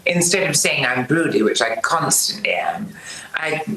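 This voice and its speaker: A man's voice: on the high side, animated, moderate pace, vocal fry, pushed and bright, reverberant, rough recording. A British man talking as a TV guest, theatrical and savouring ornate words. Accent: British English. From Britain. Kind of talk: TV interview, remote link.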